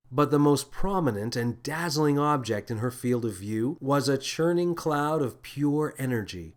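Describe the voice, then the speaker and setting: A man reading his own children's space adventure in a lively, expressive storybook narration. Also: mid-range voice.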